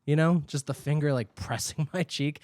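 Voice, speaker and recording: A young man co-hosting a podcast, telling stories in a casual chat, animated and laughing, with plenty of swearing. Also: on the high side, moderate pace, no echo, studio quality. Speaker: podcast co-host.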